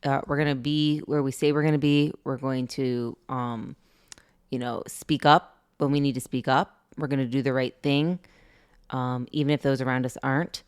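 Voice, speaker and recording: A middle-aged woman co-hosting a parenting podcast, telling stories in a casual, animated way and laughing often. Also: extremely low pitch, normal speed, smooth. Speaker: podcast co-host. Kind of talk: casual chat.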